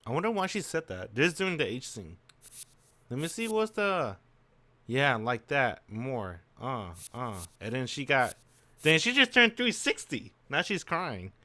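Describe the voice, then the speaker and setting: A man's voice: medium pitch, sing-song, a little slow, pushed and bright, no echo. A man streaming a visual novel, musing aloud in casual slang as he reacts to the story. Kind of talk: casual let's-play commentary.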